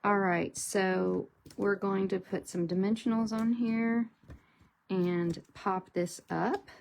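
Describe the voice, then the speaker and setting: A middle-aged woman hosting a casual card-making tutorial, chatty and unhurried, thinking aloud as she works at her craft table. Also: medium pitch, steady tone, creaky, a little mellow, slight background noise.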